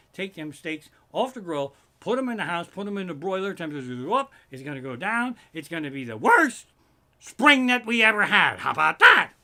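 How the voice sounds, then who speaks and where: A man doing a profane stand-up routine from his living room, ranting in loud swearing bursts. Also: fairly high pitch. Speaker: stand-up comedian.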